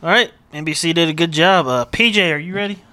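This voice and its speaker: A man's voice: on the high side, fast, pushed and bright, no echo. A man hosting a casual racing podcast, wry and blunt as he introduces segments. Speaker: podcast host. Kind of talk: casual chat. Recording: faint background noise.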